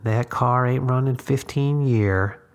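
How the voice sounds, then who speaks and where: A man voicing a blunt, toothless old countrywoman who answers in short, flat remarks. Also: mid-range voice, takes it slowly, pitched above the performer's own voice. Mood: agreeable. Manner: terse and flat-spoken.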